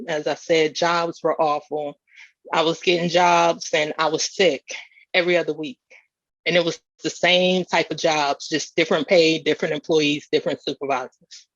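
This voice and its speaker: A woman's voice: on the low side, dry recording. Earnest woman keynote speaker, testimony talk, dry and slightly dull sound. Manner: earnest, repetitive emphasis.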